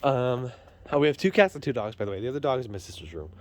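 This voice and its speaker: Talking very fast in an expressive, mid-range voice, a man films himself on a handheld phone while fixing a car in his garage. The vlog is casual chat: rambling, chatty, and self-deprecating.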